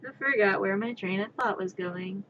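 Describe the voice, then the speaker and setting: A woman's voice: mid-range voice, moderate pace, muffled recording, slight background noise. A woman streamer chatting casually while she crafts, rambling, wry and blunt, swearing now and then. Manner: rambling, wry, swears freely, swings to loud exclamations.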